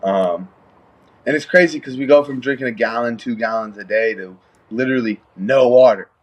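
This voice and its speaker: A man's voice: medium pitch, moderate pace. A young man guesting in a casual chat, laid-back and slangy, laughing easily. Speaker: guest fighter.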